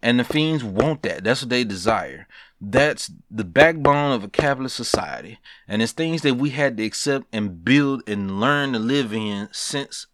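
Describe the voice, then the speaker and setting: A man hosting a solo podcast, talking in a blunt, profane, animated way and laughing between rants. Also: mid-range voice, normal speed, dry recording, clean studio sound. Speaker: podcast host. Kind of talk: casual solo podcast rant.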